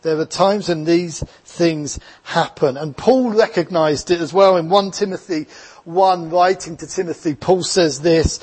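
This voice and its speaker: A man's voice: on the high side, unhurried, darkish tone, husky. A man with an Essex English accent preaching a sermon as a pastor, earnest and reflective, mixing scripture with personal stories.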